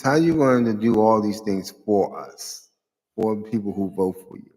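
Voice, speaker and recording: A low-voiced man talks through a loose, rambling commentary, hunting for words and then flaring into loud, sarcastic outbursts. His voice rings in a long reverb, and faint music plays underneath. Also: moderate pace. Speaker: show host. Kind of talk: casual political commentary monologue.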